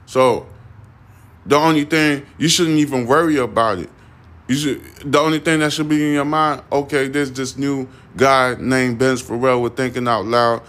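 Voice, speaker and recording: Solo podcast host, man, loose and defiant, circles back on himself, mid pitch. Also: steady tone, moderate pace, fairly bright tone. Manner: rambling and defiant, repeating "you see what I'm saying". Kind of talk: casual solo podcast monologue.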